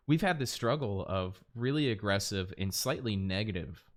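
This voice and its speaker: A male podcast host talking in a chatty, teasing way, with a lively, swinging pitch. He laughs often and keeps the conversation moving. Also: a little slow. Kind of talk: casual chat.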